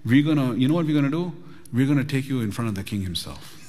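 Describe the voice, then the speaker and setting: A man voicing rough palace guards who scold and threaten an intruder. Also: medium pitch, lively intonation, quick pace, mellow, in a large hall, natural voice.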